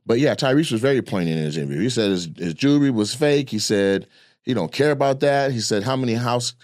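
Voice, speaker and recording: A man talking in a casual podcast chat, animated and loose, swearing freely. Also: medium pitch, quick pace, dry recording, studio quality. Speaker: comedian and podcast guest.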